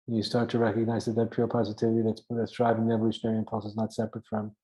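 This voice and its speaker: A man with a warm mid-range voice gives an earnest spiritual teaching talk, repeating phrases to stress his points and occasionally chuckling at himself. The audio quality is poor.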